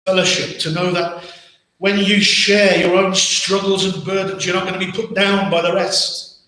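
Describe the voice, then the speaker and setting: Here an English-accented man preaches as pastor in a church hall, earnest, with lots of rhetorical questions and repetition. He speaks at a moderate pace in a high voice whose tone is level yet sharp, and the recording is very echoey.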